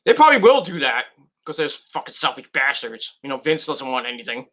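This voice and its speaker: With a sing-song, mid-range voice and a fairly quick delivery, a man in his thirties hosts a podcast in loose conversation. The talk is rambling and profane, with frequent restarts and bursts of shouting.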